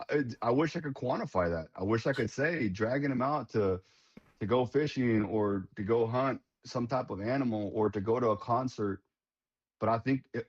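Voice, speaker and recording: With dull audio, a mid-range male voice belongs to a veterans nonprofit leader appearing as a guest. He tells stories conversationally, earnest and relaxed, restarting words often and calling people "man."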